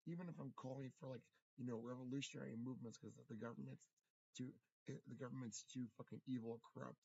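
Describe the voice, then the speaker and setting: A man's voice: medium pitch, steady tone, fast, warm tone, husky, no echo. A man in a rambling, profane livestream monologue, stumbling over his words and repeating himself, recorded in his room at home. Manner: rambling, profane, with many restarts and stammered repeats. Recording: dull lo-fi, dry sound.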